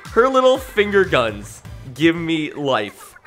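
Young guy streamer, sleepy and worn out but giggly, bouncy lively voice, bright tone, game music faint behind. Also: fairly high pitch, takes it slowly. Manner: loopy, giggly, rambling. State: tired, voice worn. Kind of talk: casual game stream commentary.

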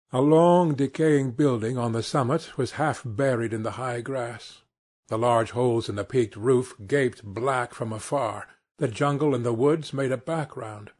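Husky male audiobook narrator. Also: medium pitch, darkish tone.

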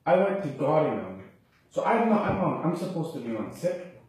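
A man's voice: a little high, big pitch swings, moderate pace, a little mellow. A man from Canada, a patient talking to his doctor, agitated and rambling, often breaking off and restarting. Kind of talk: distressed complaint to a doctor. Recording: echoey room, far from the mic.

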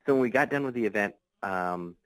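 A man's voice: fairly low pitch, brisk, fairly bright tone, dry recording, low-quality recording. A man, a podcast guest, telling a long story in a casual, rambling way, full of fillers and restarts. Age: adult.

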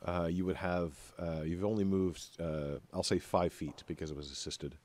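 A man running a tabletop game as game master, narrating in a relaxed way with many filler uhs. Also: low voice, moderate pace, no echo.

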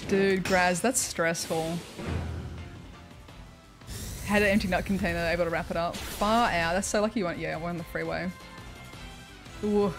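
A woman's voice: fairly low pitch, steady tone, moderate pace, pauses often, music in the background. A young woman with an Australian accent, chatting casually and telling stories during a gaming livestream, laughing often. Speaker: streamer.

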